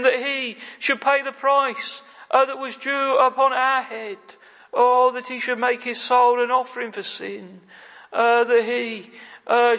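A man's voice: extremely high pitch, vocal fry, bright, forceful tone. A man preaching a fervent sermon, repeating phrases and calling out "oh, friends". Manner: fervent, repetitive, frequent "oh, friends". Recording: long hall reverb.

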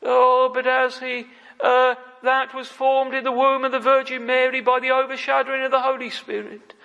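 Man, preacher, fervent sermon, bright tense tone, flat pitch. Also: normal speed, gravelly, dull audio. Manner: fervent, repetitive, frequent "oh, friends". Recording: long hall reverb.

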